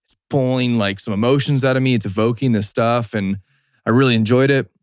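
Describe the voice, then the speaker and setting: A man's voice: mid-range voice, a little fast, no room sound, studio quality. A young man from New Mexico, a hat maker and guest, telling stories in a laid-back, slangy way. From New Mexico, USA. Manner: laid-back, slangy, acts out quoted people. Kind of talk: casual storytelling.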